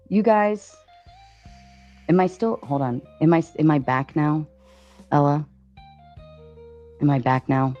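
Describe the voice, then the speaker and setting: Woman, husky soft voice, low-pitched, defiant, live-stream panel, muffled audio, faint music. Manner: defiant, reads out donations. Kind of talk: casual live-stream talk.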